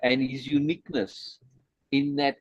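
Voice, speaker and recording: A man's voice: mid-range voice, flat delivery, unhurried, no echo. Male teacher explaining a text, emphatic and repetitive, mid-range voice, dry lo-fi recording. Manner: emphatic, repeats key points, frequent "right?" tags. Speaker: teacher leading a study session.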